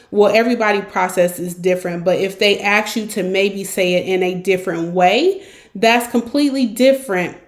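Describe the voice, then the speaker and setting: Female host-coach, direct and encouraging, mid pitch, roomy reverb. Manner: direct, encouraging, acts out examples. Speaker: podcast host and consultant. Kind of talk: coaching monologue. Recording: roomy echo.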